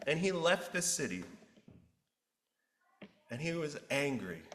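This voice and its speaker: Male pastor preaching in a church, animated storyteller, unhurried delivery, roomy echo. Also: a little high. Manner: animated storyteller acting out characters. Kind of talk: sermon storytelling. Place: church sanctuary.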